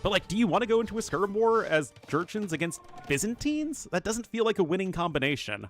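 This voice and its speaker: A man's voice: high voice, very animated, fairly quick, a bit bright, faint music behind. A man casting a strategy game match live, chatty and rambling, talking straight to his chat. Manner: chatty, rambling asides, talks to chat directly. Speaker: game caster and streamer. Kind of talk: casual live esports commentary.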